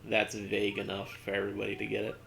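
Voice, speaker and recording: Man, low gravelly voice, casual rambling story, faint game sounds behind. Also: monotone, fast, fairly bright tone, a little hiss or hum. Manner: rambling anecdote with many fillers. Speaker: gaming streamer. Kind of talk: casual storytelling while playing.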